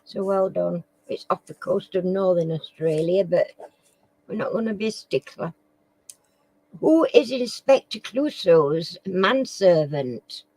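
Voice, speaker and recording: A woman's voice: fairly low pitch, expressive, takes it slowly, darkish tone, no echo, rough recording. A woman hosts a casual live quiz. She reads questions aloud, stumbles over words, and chats with viewers by name. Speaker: live stream quiz host.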